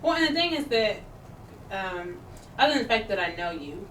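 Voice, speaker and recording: A woman's voice: medium pitch, sing-song, normal speed, fairly bright tone, a little hiss or hum. A woman co-hosting a talk show who listens closely and replies supportively. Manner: supportive, backchanneling. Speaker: podcast co-host. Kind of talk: casual chat. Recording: echoey room, far from the mic.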